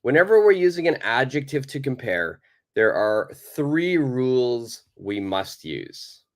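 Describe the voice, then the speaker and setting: Man, English teacher, live online lesson, slow pace, middle pitch, patient, repeats questions. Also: very animated.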